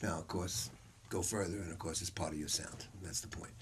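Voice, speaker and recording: An older man holds a saxophone masterclass in a small hall, his voice sitting a little low. He tells stories casually and swears freely, playing the other people in them himself. A faint hiss and some clicks sit under the recording. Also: a little fast. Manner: animated, acts out quoted voices, laughs often. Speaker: saxophone teacher giving a masterclass. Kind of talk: casual, profane storytelling lecture. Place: music store hall with a small audience. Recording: faint background noise and clicks.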